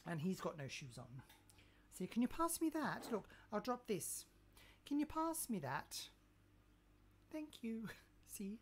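A woman's voice: medium pitch, sing-song, slow pace, pauses often, noisy background. A woman hosting a casual live cooking stream from her kitchen, camp and cheeky, chatting and reading viewer comments aloud. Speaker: cooking livestream host.

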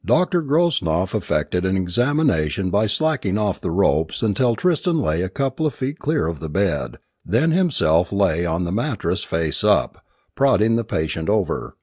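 A man narrating an audiobook with an expressive, varied storytelling delivery. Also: sits low, normal speed, husky, no room sound, studio quality.

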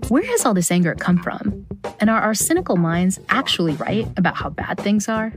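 A woman hosts a podcast in scripted narration, her mid-pitched voice rising and falling expressively. Music plays clearly beneath her. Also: sing-song, normal speed. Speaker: podcast host. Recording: music bed underneath.

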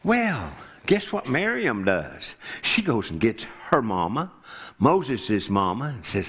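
A man's voice: medium pitch, wildly swooping pitch, slow, a bit bright, breathy edge. A man preaching a folksy sermon in a church, telling the story and acting out the characters' lines. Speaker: pastor. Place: church sanctuary.

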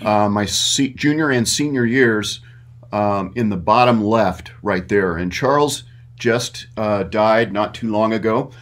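A middle-aged man talking about his mentors in a casual interview. He rambles and fills his pauses with uh and um. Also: on the low side. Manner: rambling with many fillers. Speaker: guest, puppet maker.

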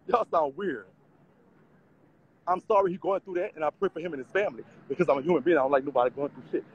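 A man's voice: fairly high pitch, fairly quick, pauses often, highs cut off, slight background noise. A man, vlogging on city streets in a brash, profane, laughing rant. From Louisiana. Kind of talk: casual street vlog rant.

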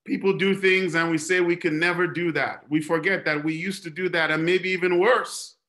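A man preaching from the pulpit in a high, bright voice, pressing each point with repeated refrains and rhetorical questions. His delivery is emphatic and driving. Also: steady tone, moderate pace. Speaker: pastor. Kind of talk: sermon.

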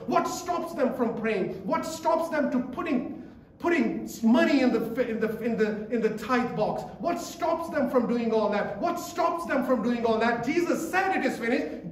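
A man preaching a sermon in a church, emphatic and repetitive, quizzing the congregation as he goes. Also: very high-pitched. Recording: echoey church from a distance.

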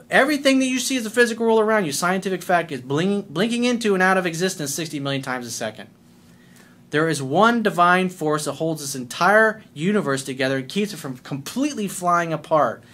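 A man's voice: fairly high pitch, a bit bright. A middle-aged man, a life coach, delivering a blunt, confrontational monologue full of profanity.

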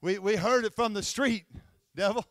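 A pastor voicing a sheepish, beaten little male imp who mumbles nervously in a hushed voice. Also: high voice, moderate pace, no echo, close to an everyday voice.

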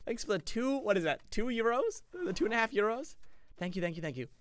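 A young man streams a game and banters with his chat in a playful, goofy way. His voice sits high and jumps around a lot in pitch. He gets excitable and shifts his energy constantly. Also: fast talker, a little hiss or hum. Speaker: gaming streamer. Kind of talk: live-streamed gameplay commentary.

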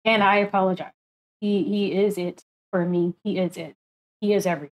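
A woman hosting a casual album reaction video, chatty and excitable, laughing often. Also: medium pitch, fairly quick.

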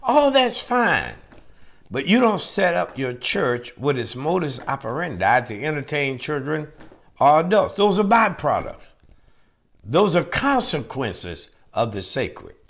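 A male preacher delivering a sermon with a lively, swooping pitch. He hammers points home through repetition and emphatic rising peaks. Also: a little slow, gravelly.

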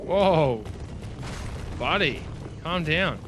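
A man giving casual gameplay commentary, excitable and chatty, talking to himself and his viewers as he plays. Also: a little high, drawn-out words, noisy background. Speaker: let's play host.

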